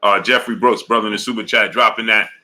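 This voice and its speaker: A man hosting a boxing livestream in loose, casual chat, with a very bright, forceful voice that sits fairly low. He keeps greeting viewers by name and circling back to the same pitch. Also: fairly even intonation, fast talker. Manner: hypes and shouts out chat names; repeats a call to subscribe.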